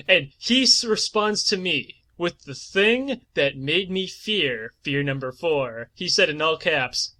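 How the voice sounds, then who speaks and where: A man in his twenties telling a comedic personal story on a podcast, animated and swearing, now and then breaking into mock-dramatic singing. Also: high voice, measured pace, hardly any pauses. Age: 20s.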